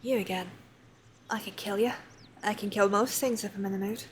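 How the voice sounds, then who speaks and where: A woman voicing a blunt, menacing young pirate captain with a low, flat, threatening delivery. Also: moderate pace, slight background noise, lightly acted. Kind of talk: reading game dialogue aloud.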